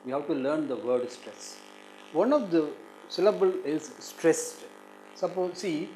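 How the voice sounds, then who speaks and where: In a low-quality recording with a bit of hiss or hum, an Indian-accented male English teacher runs an exam-prep lesson. His voice is a little high, slightly mellow and a bit slow, with lively intonation, and he repeats every word several times while leaning on the stressed syllable.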